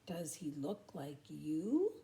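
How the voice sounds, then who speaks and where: A grandmother voicing a sleepy female koala who speaks slowly. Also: high voice, animated, mellow, reverberant, voice pushed up. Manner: slow, drowsy.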